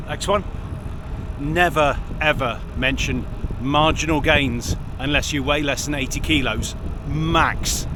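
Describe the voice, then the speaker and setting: A man vlogging about cycling while he rides outdoors, talking in a grumpy, wry and self-mocking way. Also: medium pitch. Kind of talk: casual vlog talk while riding. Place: outdoors on a bike on the road. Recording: loud road and wind noise.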